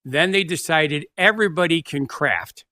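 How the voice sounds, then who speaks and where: Bright, halting male podcast co-host. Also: a little high, dry recording. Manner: halting, restarts often while explaining. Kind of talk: casual chat.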